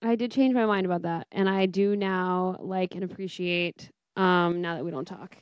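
Young woman cohost, low-ish voice, dry room sound, teasing and offhand. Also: moderate pace, clean tone, no room sound, dull audio. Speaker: podcast co-host. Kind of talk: casual chat.

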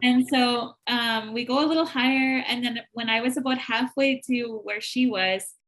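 A woman from Manitoba, Canada, with a slightly high voice, telling a story as a podcast guest. She talks in a lively, animated way, laughs often and acts out the voices she quotes. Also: normal speed, a little hiss or hum, low-quality recording. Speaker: guest, entrepreneur.

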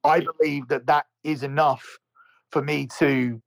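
Here a podcast co-host talks a bit slowly with vocal fry, his slightly high voice staying fairly even in intonation. Still, the rant is heated and profane, with lots of repeated words.

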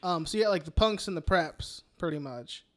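Tired, high-voiced man retelling a movie. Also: animated, a little fast, a bit bright. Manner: rambling, swears a lot, acts out characters in voices. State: tired, yawning. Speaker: podcast co-host. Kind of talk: casual film recap chat.

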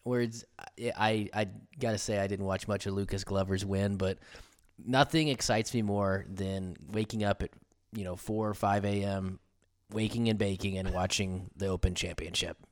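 Low-voiced male co-host, rambling casually. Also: fairly even intonation, normal speed. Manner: rambling, laughing, stop-start. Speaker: podcast co-host. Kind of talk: casual podcast chat.

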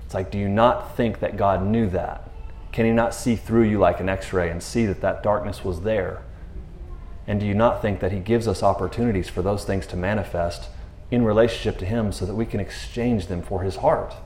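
A man talking casually about scripture in a laid-back, slangy way, retelling stories with lively asides. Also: on the low side, normal speed, a little hiss or hum. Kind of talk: casual faith talk. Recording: roomy echo.

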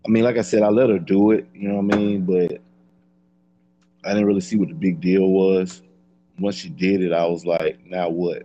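A man telling a story in casual chat, blunt and profane, with a deadpan gripe. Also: low-pitched, normal speed, dull audio, faint music behind.

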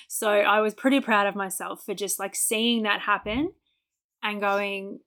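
A woman's voice: medium pitch, fairly even intonation, a little slow, a bit bright. A young adult woman co-hosting a podcast, chatting candidly, laughing often and acting out what she said before. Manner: candid, laughs often, acts out her own past words. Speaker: podcast co-host. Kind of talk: casual chat.

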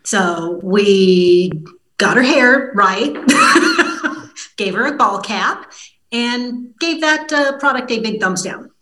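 A woman, a TV news reporter, chatting as a podcast guest and telling stories in a lively, self-deprecating way. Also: on the high side, slow, rough recording. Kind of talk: casual podcast interview.

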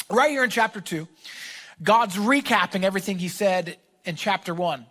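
A man's voice: high voice, a little slow, sharp tone. A male pastor delivers a sermon in an emphatic, driving way. He repeats short commands over and over, the way a coach fires up a team.

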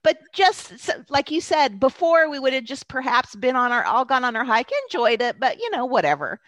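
A woman hosting a casual podcast, her voice a bit high and recorded close and dry. She talks in an affirming, easygoing way, nodding along with her guest. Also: lively intonation, normal speed, fairly bright tone, no room sound, dull audio. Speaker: podcast host.

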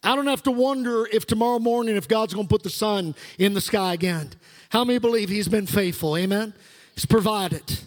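A man's voice: sits high, fairly quick. Man, middle-aged, pastor, fervent sermon, call-and-response, long hall reverb. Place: church sanctuary.

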